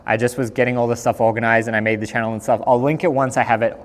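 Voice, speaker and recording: A man's voice: mid-range voice, little pitch movement, very fast. A young Australian man with a mid-range voice chats loosely on a live stream, full of slang and filler words. A long reverb trails behind his voice. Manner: laid-back, slangy, lots of "like". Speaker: skateboarder and streamer. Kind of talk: casual live-stream chat.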